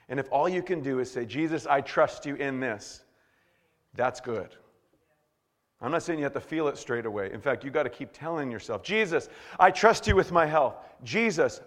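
A male pastor preaching a sermon, swinging from hushed, slow words to shouted bursts. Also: mid-range voice, long reverb tail.

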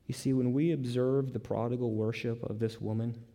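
A man's voice: mid-range voice, steady tone, moderate pace, mellow. A man preaching a sermon, emphatic, piling up repeated words and rising into bursts. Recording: long hall reverb.

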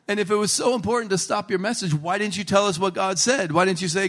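Animated, jokey male preacher. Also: high-pitched, a little fast. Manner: animated, jokey, acts out quotes. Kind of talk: humorous sermon storytelling.

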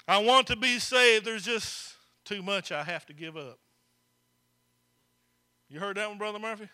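A man's voice: high-pitched, unhurried, pushed and bright, smooth. A man preaching a folksy sermon to his congregation, speaking to them directly. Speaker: pastor. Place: church.

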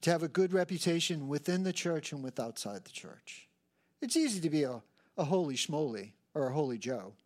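Animated older man preaching a sermon. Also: on the high side, brisk. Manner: animated storytelling with self-mocking humor and acted quotes. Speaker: pastor.

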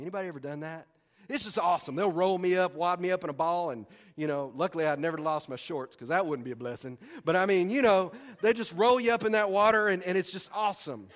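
A man preaching a sermon in a folksy, excitable way, breaking into sudden loud bursts. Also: on the high side. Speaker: pastor. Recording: long hall reverb.

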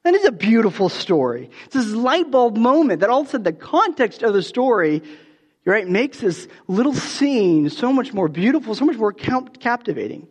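A man preaching a sermon in a relaxed, conversational way, telling a story with many restarts and fillers. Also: high-pitched, moderate pace. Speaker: pastor. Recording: dull sound with long hall reverb.

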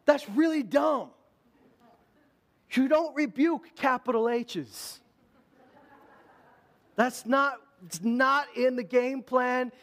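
Man, pastor, sermon, high-pitched voice, animated, conversational preaching. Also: slow pace, pauses often.

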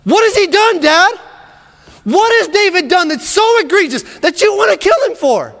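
A man's voice: a little high, expressive, moderate pace, big-room sound, lightly acted. A man doing a loyal young prince. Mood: indignant. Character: loyal young prince, male, defends friend.

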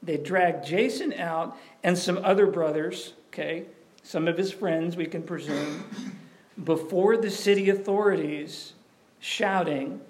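A man preaching a sermon in a conversational, animated way, often asking questions of the audience. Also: high-pitched, measured pace. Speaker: pastor.

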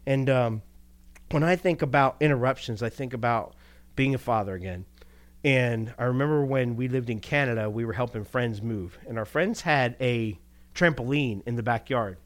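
Male pastor, casual preaching voice, lively delivery with rhetorical questions and quick laughs. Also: medium pitch. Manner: animated, rhetorical questions, chuckles. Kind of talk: conversational sermon.

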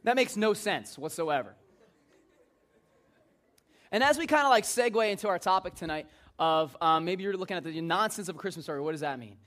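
Young guy with a high voice rambling thru funny stories to a youth group, jumps into silly voices. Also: expressive, brisk, long pauses, a bit bright. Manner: rambling, jumpy, funny anecdotes with acted-out voices. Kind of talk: casual storytelling to a group.

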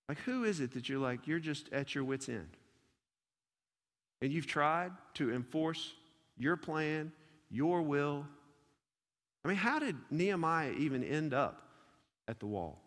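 A man's voice: on the high side, fairly bright tone, big-room sound. A man preaching a sermon to a church congregation, driving points home with repetition and rhetorical questions. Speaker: pastor. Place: church service before a congregation.

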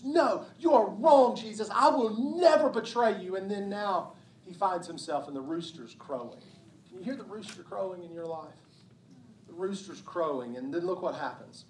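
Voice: medium pitch, darkish tone. A pastor delivers a sermon in a conversational, emphatic way and keeps checking in with the listeners. The voice carries through a roomy church and is picked up from some distance. A faint background hum is present. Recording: roomy hall sound from a distance.

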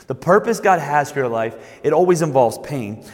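A man preaching a sermon as pastor. He repeats and restarts words, then slows down and lifts his voice to stress key points. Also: a little high, lively intonation, darkish tone, big-room sound.

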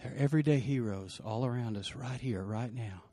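A male pastor preaching a sermon, telling the story in lively, casual slang and acting out the people's lines. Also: mid-range voice, brisk, husky, no room sound, faint music behind.

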